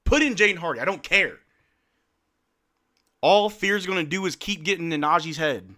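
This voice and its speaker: A man hosting a live game watch-along, calling the plays in casual slang and shouting at the players. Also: sits high, moderate pace. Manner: animated, slangy, yells at players. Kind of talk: excited play-by-play fan commentary.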